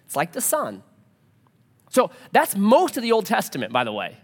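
Speaking at a normal speed in a voice that sits high, a male pastor shares a personal story during his sermon. He tells it in an animated way, acting out the dialogue.

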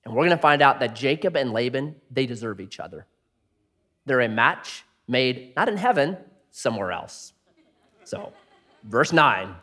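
A middle-aged man preaching a sermon in an animated, jokey way, often acting out voices. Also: medium pitch, a little slow. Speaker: pastor. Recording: long hall reverb.

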